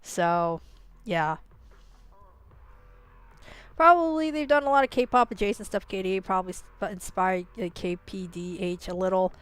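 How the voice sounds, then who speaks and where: A woman's voice: mid-range voice, a little slow, pauses often, clean tone, no room sound. A woman streaming a game and chatting casually with her viewers, rambling and swearing freely, with many "like" fillers and restarts. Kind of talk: casual live-stream chat while gaming.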